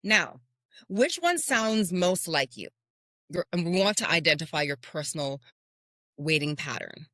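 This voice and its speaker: A woman's voice: on the low side, big pitch swings, unhurried, pushed and bright, no echo, clean studio sound. A woman hosting a motivational podcast, speaking earnestly and telling stories with rhetorical questions. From Canada. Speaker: podcast host and confidence coach.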